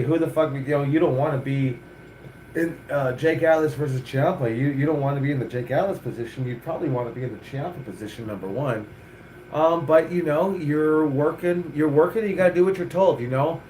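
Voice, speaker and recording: A middle-aged wrestling coach talks bluntly, swearing freely and getting fired up as he makes his points. His voice sits a little high. The room is echoey, with faint ambience behind him. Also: normal speed, darkish tone, a little hiss or hum. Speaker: wrestling coach and podcast host. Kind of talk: casual chat.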